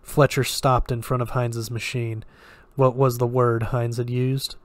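Guy reading a horror story, flat steady voice, dry close sound, trips on a word now and then. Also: mid-range voice, no room sound. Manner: measured and steady, with occasional slips. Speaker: story reader.

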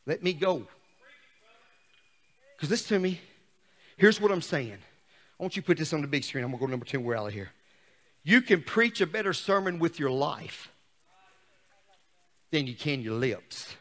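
Fervent pastor, high and bright-voiced, shouts then drops hushed, long church reverb. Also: male voice, very animated, moderate pace, long pauses. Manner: shouts and swings between loud and hushed. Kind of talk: fiery sermon. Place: church sanctuary.

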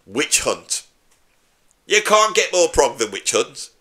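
A man's voice: a little high, very animated, moderate pace, sharp tone. A man, a drummer hosting his own channel, talking casually and opinionatedly to camera with a joking edge. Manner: chatty, opinionated, jokey. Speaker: YouTube host and drummer.

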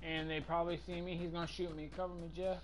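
A man's voice: on the high side, little pitch movement, fast, poor audio. Sarcastic man trolling in game chat. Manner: sarcastic, mocking, rambling. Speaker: streamer playing with strangers.

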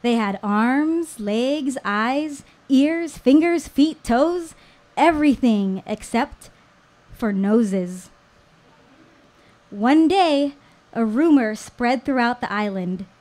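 A woman in her thirties telling a personal story live on stage at a small venue, slow and deliberate with dramatic pauses. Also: fairly high pitch, expressive, a little mellow. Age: 30s.

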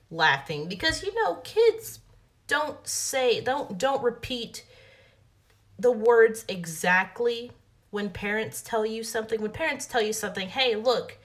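A young woman talks casually to her viewers as a book vlogger. Her voice sits a little low. She rambles in a chatty, expressive way. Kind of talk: casual chat.

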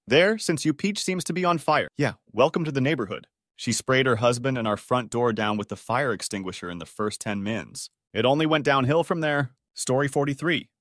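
A man narrating a string of short online stories in a steady, scripted reading voice. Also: medium pitch, no room sound, studio quality.

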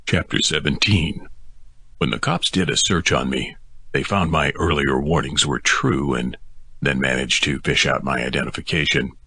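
A man narrating a first-person novel as an audiobook, in a gruff, weary telling. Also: a bass voice, moderate pace, pushed and bright, no room sound.

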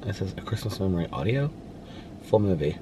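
A man's voice: deep voice, very animated, a little fast, noisy background. A man with an American Midwest accent chatting casually to his viewers from a parked car, rambling and friendly. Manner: chatty, rambling, addresses viewers as you guys. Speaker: vlogger. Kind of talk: casual vlog chat.

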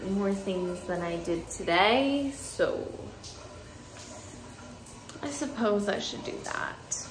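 A young woman vlogging at home at night in casual chat, rambling and correcting herself. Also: on the high side. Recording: roomy with faint noise.

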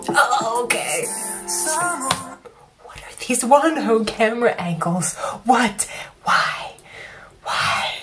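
A woman giving an excited, gushing live reaction to a music video, often cutting herself off. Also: medium pitch, takes it slowly, long pauses. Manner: gushing, excitable, self-interrupting. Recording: faint music behind. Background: faint music.

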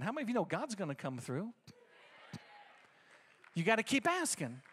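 High, bright-voiced emphatic preacher man. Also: expressive, fast, breathy edge. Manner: emphatic, repetitive, rallying the congregation. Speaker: pastor. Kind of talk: sermon. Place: church service.

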